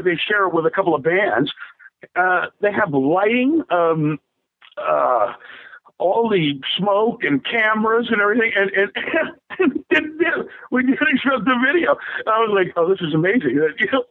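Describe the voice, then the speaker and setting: A man's voice: sits high, dry recording. An older man telling rambling stories as a musician being interviewed, laughing often and restarting his sentences. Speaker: rock drummer interviewee. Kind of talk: casual storytelling interview. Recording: tinny dry phone line.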